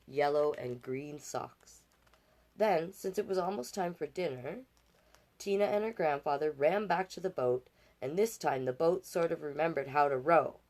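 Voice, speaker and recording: A woman's voice: low-pitched, a little mellow. A woman from Canada reading a picture book aloud as storytime host, with chatty asides and playful sound effects.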